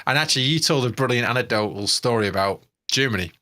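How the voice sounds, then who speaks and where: A man co-hosting a podcast in casual chat, excitable, swearing freely and restarting his sentences. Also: medium pitch, fast talker. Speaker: podcast co-host.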